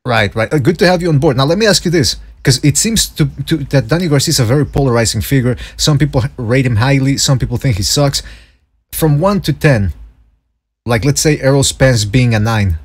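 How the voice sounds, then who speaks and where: A man's voice: mid-range voice, fairly quick, breathy edge. A man hosting a casual boxing podcast, swearing freely and laughing often. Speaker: podcast host.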